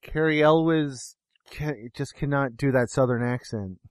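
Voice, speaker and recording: A man's voice: mid-range voice, measured pace, dry recording. A man co-hosting a film review podcast, talking in a jokey, rambling, self-deprecating way. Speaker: podcast co-host reviewing films. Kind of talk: casual chat.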